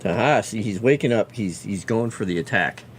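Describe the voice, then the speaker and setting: A man's voice: fairly low pitch, normal speed, slight background noise. A man casually chatting on a livestream while drawing a fantasy map, muttering to himself and cooing at his pet.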